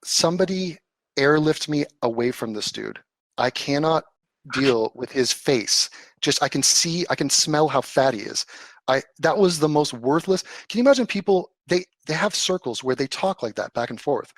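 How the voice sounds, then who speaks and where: A man's voice: a little high, no room sound. Blunt, profane man hosting a live call-in. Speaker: livestream host answering callers. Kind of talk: casual live call-in chat.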